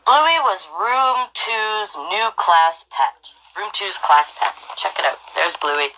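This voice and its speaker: A woman's voice: medium pitch, takes it slowly, noisy background. A woman hosting a storytime, reading a picture book aloud and adding chatty, friendly asides. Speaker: storytime host.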